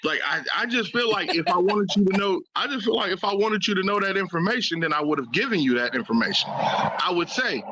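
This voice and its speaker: A man co-hosting a podcast in casual chat, animated and acting out quoted lines. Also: sits high, fairly quick, rough recording. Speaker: podcast co-host.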